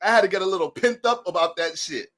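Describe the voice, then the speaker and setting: A man with a noticeably high speaking voice gives a loose astrology talk. He slides into joking, profane stories and talks to viewers as family. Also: fast, a bit bright. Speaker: astrology reader. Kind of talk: casual astrology talk with storytelling.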